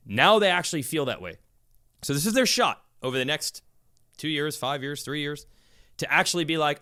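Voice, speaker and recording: A man talking casually on a podcast, an animated storyteller who acts out quotes. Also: on the high side, moderate pace. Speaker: motocross broadcaster, podcast guest.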